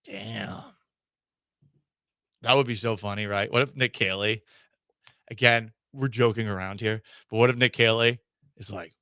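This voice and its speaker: A man hosting a casual sports talk radio show, joking and animated, with sudden emphatic jumps. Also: lowish voice, unhurried, long pauses, clean tone, no echo, clean studio sound. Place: radio studio.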